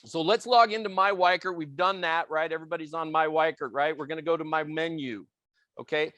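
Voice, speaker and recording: Quizzing his class with intensity and passion, this real estate trainer of Italian family background flips into quick impressions of customers he quotes. His voice sits high, bright and cutting, steady in tone, with a close, dry sound and no echo.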